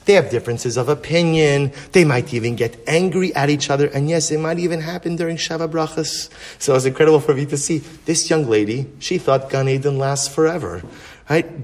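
Lively rabbi teaching a class. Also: male voice, mid-range voice. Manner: animated teaching with rhetorical questions. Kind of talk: Torah class lecture.

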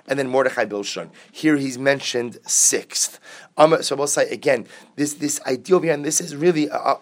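Man teaching a Talmud class. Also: a little high. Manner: reads Aramaic text then explains it, with repeated rhetorical questions.

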